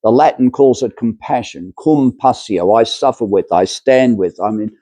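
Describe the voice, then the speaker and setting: A man's voice: mid-range voice, normal speed, warm tone, no room sound. A man giving a spiritual lecture to a small group, talking in a rambling, hesitant way with many fillers and restarts.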